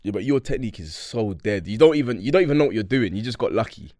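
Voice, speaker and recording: Animated young man telling a story. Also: on the low side, fast, dry recording, studio quality. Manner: animated storyteller, acts out quotes, London slang. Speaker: podcast co-host. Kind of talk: casual banter between friends.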